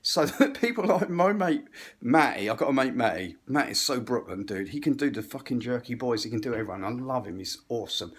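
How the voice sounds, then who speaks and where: English guy in his 60s ranting, husky voice, pitch all over the place, swears a lot. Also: animated, a little fast. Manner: rambling, digressive, swearing, dropping to whispers. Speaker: comedian. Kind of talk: rambling comic rant.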